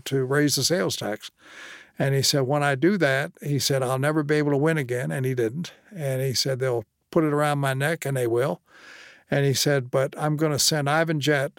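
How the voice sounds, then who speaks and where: Older man, gravelly, anecdotal storyteller, dry studio sound. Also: medium pitch, no room sound. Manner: plainspoken anecdotal storyteller, quotes others. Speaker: former state official and guest. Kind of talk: storytelling interview.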